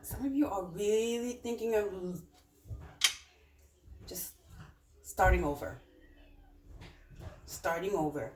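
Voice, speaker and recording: A woman's voice: medium pitch, slow, pauses often, a little mellow, far from the mic. A woman giving a casual, rambling tarot reading, talking directly to her viewers with many fillers. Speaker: tarot reader. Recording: roomy, off-mic with faint noise.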